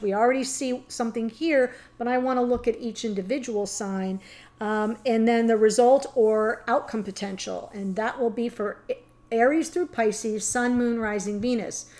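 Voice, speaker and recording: A woman's voice: fairly high pitch, darkish tone. A woman giving a tarot reading, talking straight to her viewers in an earnest, emotional way. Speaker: tarot reader. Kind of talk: casual tarot reading to camera.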